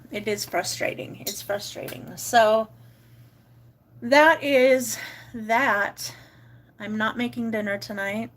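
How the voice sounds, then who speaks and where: A woman, chatting casually to her viewers in a vlog. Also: a bit bright. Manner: chatty, talks to dog in high baby voice. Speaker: vlogger.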